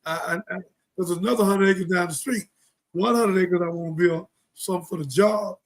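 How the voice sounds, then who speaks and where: Husky high-voiced man preaching live. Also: moderate pace, low-quality recording. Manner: preachy, quotes scripture, rhetorical questions; loud outbursts then sudden muttering. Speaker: host of a live talk show. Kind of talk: impassioned live monologue.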